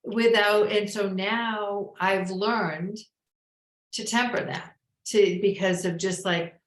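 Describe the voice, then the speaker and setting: A woman's voice: medium pitch, fairly even intonation, slow pace, reverberant, rough recording. A woman life coach, a guest on a podcast, speaking thoughtfully and searching for her words. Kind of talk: casual interview conversation.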